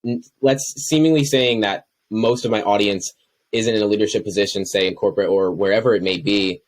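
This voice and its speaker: A man's voice: lowish voice, steady tone, fairly quick, rough recording. A man hosting a podcast interview, asking long questions with many restarts. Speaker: podcast host.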